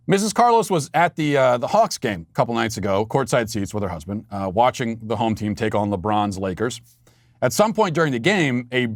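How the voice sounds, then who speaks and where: A male podcast host talks through his commentary in a sarcastic, mocking tone, often restarting his sentences. His voice sits at a middling pitch. The studio sound is dry, with no room echo. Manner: frequent fillers and restarts. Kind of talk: political commentary monologue.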